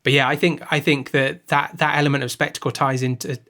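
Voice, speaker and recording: A man's voice: on the high side, little pitch movement, brisk, sharp tone. Man casually discussing films on a podcast. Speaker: podcast co-host.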